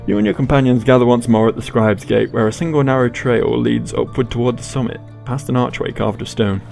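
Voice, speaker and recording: A man's voice: medium pitch, a little fast, creaky, a little mellow, faint music behind. A man reading game text aloud with playful asides while he plays. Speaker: gaming YouTuber. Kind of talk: game narration and commentary.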